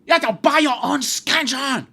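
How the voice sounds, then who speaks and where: Man doing a chemistry teacher, screaming, shrill, frantic, repetitive. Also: moderate pace, sharp tone. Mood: shrieking. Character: shrieking female chemistry teacher, furious and frantic.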